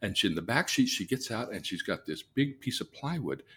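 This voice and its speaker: Lively low-voiced man telling a story. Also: fairly quick, slightly rough. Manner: vivid storyteller, acts out the people in his stories; swings between soft, low asides and loud, excited bursts.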